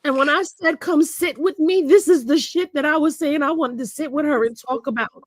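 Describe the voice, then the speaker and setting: A woman's voice: high-pitched, moderate pace, no echo. A middle-aged woman blogger giving candid, emotional livestream commentary, earnest and repeating herself for emphasis.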